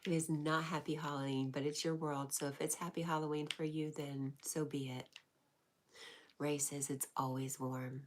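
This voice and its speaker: A woman with a low, deep voice reads and answers live chat as a stream host. She talks softly and affectionately, often sinking into a breathy whisper between plainer phrases. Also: little pitch movement, moderate pace. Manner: soft-spoken, often dropping into a whisper; warm, affectionate replies with frequent laughs. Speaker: livestream host.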